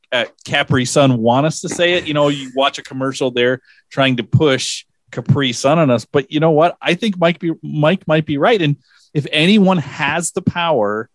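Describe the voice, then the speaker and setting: A man's voice: mid-range voice, no echo. A man co-hosting a podcast, arguing a silly point in playful mock-serious banter. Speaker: podcast co-host.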